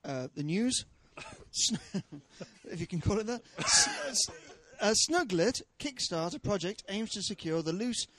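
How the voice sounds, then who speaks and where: A man's voice: high voice, sing-song, measured pace, a bit bright. A man hosting a casual tech podcast, reading news items with lots of laughs and hesitations. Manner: giggly, hesitant, mock announcer reading.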